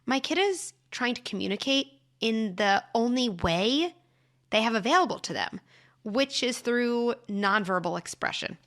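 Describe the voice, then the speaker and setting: A woman hosting an advice podcast on parenting, speaking in a calm, measured and reassuring way as she talks through reframes. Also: fairly high pitch. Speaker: podcast host, parenting advisor.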